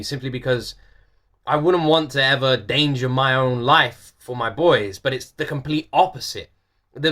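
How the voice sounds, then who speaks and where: A man's voice: a little high, bright, forceful tone. A young man with a mixed British accent, raised in the UK, rambling earnestly through a reaction video with lots of fillers and repeats. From Irish-born, raised in the UK. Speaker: music reaction video host. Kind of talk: casual reaction commentary.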